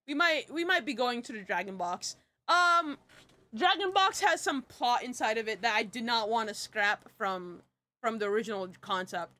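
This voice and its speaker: High pitched young woman rambling on her stream, lots of likes and ums, giggly. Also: pushed and bright. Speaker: streamer and project creator. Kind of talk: casual live-stream Q&A.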